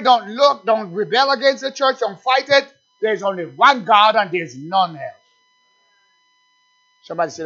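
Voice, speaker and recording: A male pastor preaching a sermon, swinging between loud shouted declarations and low murmured asides. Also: moderate pace, dull audio.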